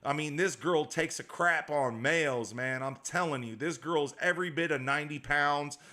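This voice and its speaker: A man's voice: a little high, moderate pace, pushed and bright. A man hosting a casual livestream as a dog breeder, reading out viewer comments in a slangy, repetitive way.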